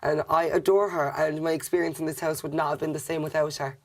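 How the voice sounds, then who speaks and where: A young Irish man in a reality-show diary room, speaking gently and affectionately about friends in the house. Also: on the high side, flat delivery, fast talker. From Ireland.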